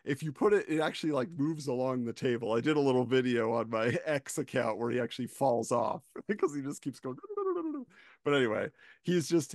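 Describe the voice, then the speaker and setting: A man's voice: medium pitch, no room sound, studio quality. A man co-hosting a casual chat, enthusiastic and laughing easily as he talks. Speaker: co-host.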